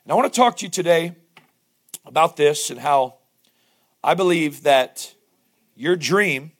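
A man with a Southern accent preaching a sermon, his voice hoarse and strained, asking the congregation questions as he goes. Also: a little high, expressive, moderate pace. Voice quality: gravelly. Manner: conversational preaching with rhetorical questions. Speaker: pastor.

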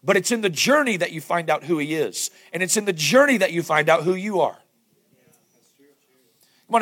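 A man with a Southern accent preaching a sermon, his voice hoarse and strained, asking the congregation questions as he goes. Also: high-pitched, a bit bright. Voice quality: gravelly. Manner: conversational preaching with rhetorical questions. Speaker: pastor.

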